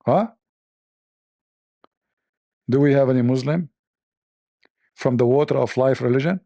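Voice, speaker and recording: A man speaks in a gravelly, dark voice. He hosts a mocking commentary, sarcastic and given to repeating himself. The sound is close and dry. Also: medium pitch, a little slow, no room sound. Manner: sarcastic, laughs at own jokes, repeats phrases. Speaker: show host. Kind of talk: mocking religious debate commentary.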